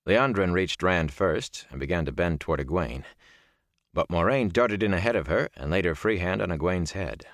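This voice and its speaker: A man narrating an audiobook in a steady, expressive storytelling manner. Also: deep voice, moderate pace, no echo, clean studio sound. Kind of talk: scripted narration.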